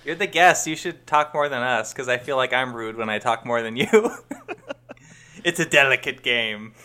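Bright-voiced guy chatting on a podcast. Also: mid-range voice, moderate pace. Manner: rambling, laughs often, lots of "like". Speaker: podcast co-host. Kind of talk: casual podcast chat.

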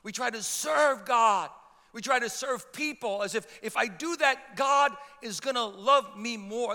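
A man's voice: very high-pitched, unhurried, sharp tone. A man pastor preaching a sermon with impassioned emphasis and frequent stammered restarts. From Italian heritage. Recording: long hall reverb.

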